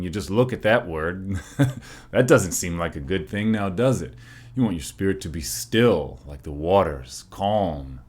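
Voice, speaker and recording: A man talking casually in a rhetorical, folksy way, often tagging his points with questions and slowing down to stress single words. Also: lowish voice. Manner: rhetorical, folksy, keeps asking "right?". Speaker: preacher musing on word origins. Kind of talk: casual spoken monologue.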